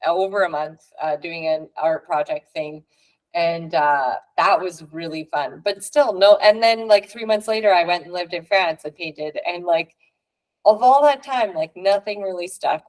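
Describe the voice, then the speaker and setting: Chatty Canadian woman, slightly low voice. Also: normal speed, darkish tone, poor audio. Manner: chatty, lots of fillers and laughs. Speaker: podcast host. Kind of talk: casual chat.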